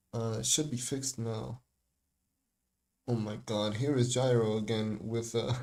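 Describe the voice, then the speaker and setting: A man's voice: mid-range voice, gravelly, darkish tone. A young man rambling through a casual livestream breakdown of his own remix, with lots of fillers, restarts and laughs. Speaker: music producer streaming a breakdown of his remix. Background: faint music.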